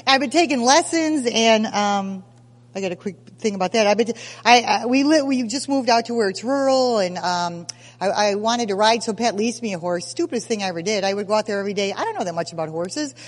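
Speaking fairly quickly at medium pitch, a sixty-something woman shares her personal testimony at a recovery meeting, with a long reverb tail behind her. She's animated and pokes fun at herself, acting out the scenes in her stories.

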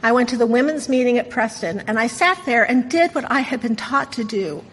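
A woman's voice: fairly high pitch, fairly quick, a bit bright, in a large hall, a little hiss or hum, rough recording. A middle-aged woman sharing a personal story at a recovery meeting, wry, candid and self-mocking.

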